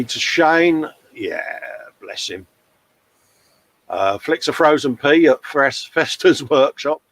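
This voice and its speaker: A man's voice: on the high side, a bit bright, dry recording, rough recording. A man hosting a live stream from his hobby bench, chatting casually, reading out viewer comments and laughing at himself. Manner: chatty, self-mocking, laughs often, calls people mate. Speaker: host of a live model-painting stream. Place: hobby workbench at home.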